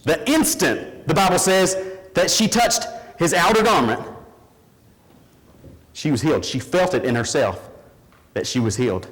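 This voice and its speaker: A man preaching a sermon in a church, telling a story in an animated, emphatic way. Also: on the high side, measured pace, long pauses, big-room sound, poor audio.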